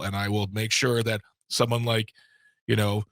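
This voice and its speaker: A man's voice: lowish voice, flat delivery, normal speed, fairly bright tone, dry recording. A man co-hosting a radio show from a studio, talking casually and passionately, rambling with fillers and restarts. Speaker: board operator and co-host. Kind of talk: casual talk radio chat. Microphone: studio microphone.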